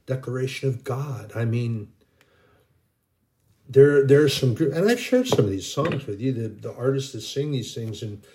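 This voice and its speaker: A man's voice: medium pitch, expressive, moderate pace, warm tone, slight background noise. A middle-aged man giving an informal, rambling sermon, earnest and full of restarts. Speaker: Christian video preacher.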